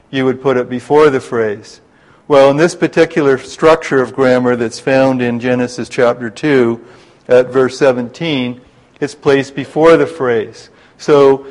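In a poorly recorded Bible study class, a man with a medium-pitched voice explains scripture in measured tones. He slows down to spell out terms and quotations.

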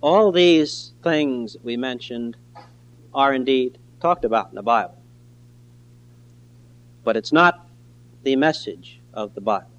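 A man preaching a sermon in an earnest, emphatic way, slowing down on key phrases. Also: a little high, dull audio.

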